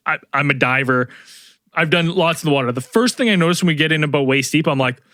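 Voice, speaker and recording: A man's voice: fairly high pitch, quick pace, sharp tone, dry recording, clean studio sound. A middle-aged man, a podcast host, telling a rambling story to co-hosts with many fillers and restarts. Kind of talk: casual storytelling among co-hosts.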